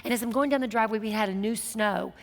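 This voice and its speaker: A middle-aged woman minister and show host, telling a story from her life in a lively, laughing, self-mocking way. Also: fairly high pitch, fast talker, big-room sound. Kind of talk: storytelling testimony in casual chat.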